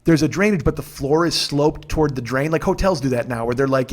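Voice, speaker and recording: A fairly high-voiced man in his forties works through a comic story as a podcast host. He rambles, restarts his sentences and swears his way into incredulous rants. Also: brisk, few pauses. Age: 40s. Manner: profane, ranting, incredulous. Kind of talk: comedic storytelling monologue.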